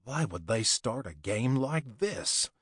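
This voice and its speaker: A man voicing a weary young adventurer who grumbles in a low mutter, in an audiobook. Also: very animated, normal speed, dry recording, studio quality. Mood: grumbling.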